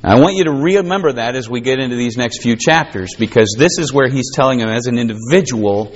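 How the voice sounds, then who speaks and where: A man's voice: medium pitch, a little fast, hardly any pauses, muffled recording. A man preaching a sermon in a folksy, conversational way that builds to fervent emphasis. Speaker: pastor.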